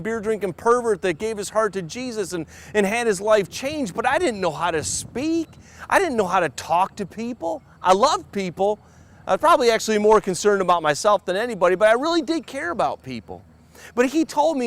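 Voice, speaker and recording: A man's voice: sits high, animated, moderate pace, a bit bright. A man preaching a sermon, earnest and personal, often stammering and repeating words as he speaks.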